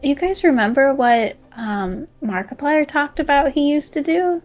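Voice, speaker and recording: A woman's voice: sits high, lively intonation, a little slow, faint music behind. A woman guest streamer in casual, easygoing chat while playing a game.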